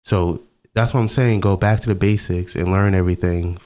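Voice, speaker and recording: Low-voiced man telling a candid story. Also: normal speed. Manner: candid, profane, self-mocking; relaxed and conversational. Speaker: podcast host. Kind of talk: casual storytelling monologue.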